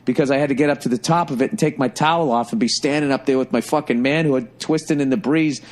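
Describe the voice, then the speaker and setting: A man's voice: medium pitch, fast. Profane man telling a comic story. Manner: profane, animated, conversational. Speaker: stand-up comedian telling a story. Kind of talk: casual comedic storytelling.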